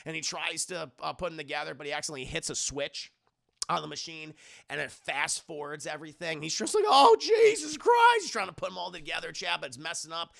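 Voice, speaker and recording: A man's voice: fairly high pitch, fairly even intonation, fast talker, gravelly, sharp tone, dry recording, clean studio sound. A man casually reviewing a movie on a live stream, rambling, swearing and talking to his chat. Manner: rambling, profane, talks to chat.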